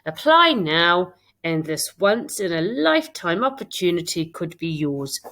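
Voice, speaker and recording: A woman's voice: on the low side, very animated, measured pace, a bit bright. A woman with a British accent, a primary school teacher giving a recorded English lesson to young pupils. She reads her own writing aloud and talks it through step by step.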